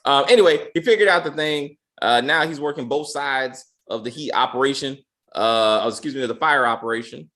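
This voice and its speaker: A man's voice: mid-range voice, brisk, a bit bright. A man hosting a casual review chat, joking and using loose slang. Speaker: podcast host reviewing a TV episode.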